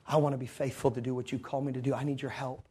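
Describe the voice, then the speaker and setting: Husky guy preaching, tells stories, gets loud then goes quiet, laughs along w the room. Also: medium pitch, level tone, racing. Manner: storytelling, swings between loud and hushed, laughs with the crowd. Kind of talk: sermon.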